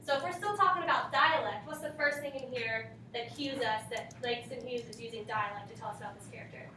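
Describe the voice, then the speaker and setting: A woman's voice: on the high side, fast, sharp tone, a little hiss or hum. A woman teaching a class, reading and questioning her students, prompting them for answers. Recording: echoey classroom from far off.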